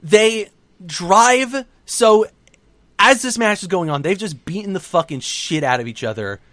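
A man with a high voice talks in a loose, casual chat and tells the story with a lot of energy. His swearing is constant. The sound is dry and close, with little room in it. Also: a little slow, no echo. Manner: animated, profane storytelling. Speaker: podcast co-host recapping wrestling.

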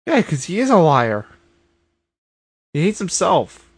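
A man's voice: high voice, wildly swooping pitch, unhurried, breathy edge, dry recording. Dry-sounding man riffing on wrestling. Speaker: podcast co-host. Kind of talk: casual wrestling chat.

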